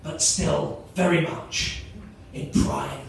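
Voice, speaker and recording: A man voicing a male lead sports commentator, announcing in a slow, deliberate way. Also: on the high side, creaky, voice pushed down. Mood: grand. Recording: echoey club room, mic far off, noisy.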